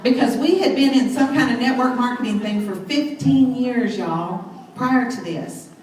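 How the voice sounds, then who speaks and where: A woman's voice: a little high, normal speed, a little mellow, distant mic. A middle-aged woman, telling an enthusiastic story to a crowd at a sales event. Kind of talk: motivational talk on stage. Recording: very echoey hall, mic set back, faint noise.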